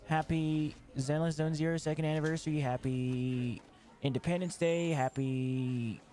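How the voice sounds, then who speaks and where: A man's voice: on the high side, fairly even intonation, a little slow, mellow. A man hosting a livestream in casual chat, rambling, swearing and mocking himself. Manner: rambling, profane, self-mocking. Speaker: livestream host. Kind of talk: casual game stream chat.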